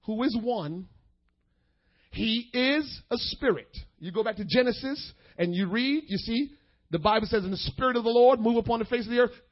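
A man preaching a sermon, shifting between quick asides, slow emphatic phrases and bursts of shouting. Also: very high voice, dull audio. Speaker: pastor.

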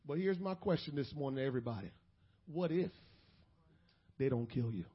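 A man preaching a sermon as pastor, dropping to quiet asides and building to shouted peaks. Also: medium pitch, expressive, brisk, slightly rough, dull audio.

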